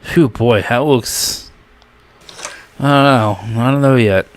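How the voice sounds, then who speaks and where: A man's voice: medium pitch, slow. An American man giving casual reaction commentary, with joking, incredulous asides. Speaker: reaction video host.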